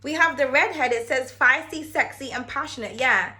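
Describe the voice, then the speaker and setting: At normal speed, a woman with a high, sharp-toned voice does a casual tarot reading to camera. The tarot card reader keeps it chatty and frank, cursing freely and calling the viewer darling.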